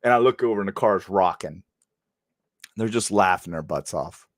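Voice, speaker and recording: A man's voice: sits low, normal speed. A middle-aged man, a former police officer, telling a story casually and talking straight to his viewers. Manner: animated anecdote-telling, addresses viewers directly.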